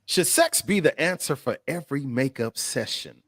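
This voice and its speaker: Man, host, casual live-stream talk, lively pitch, dry close sound. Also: normal speed, no room sound. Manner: animated, laughing, reads viewer comments aloud.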